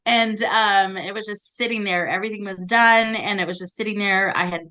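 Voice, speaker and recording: A woman in a casual group discussion, sharing animated anecdotes about work. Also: medium pitch, moderate pace. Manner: animated storyteller. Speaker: notary meetup participant.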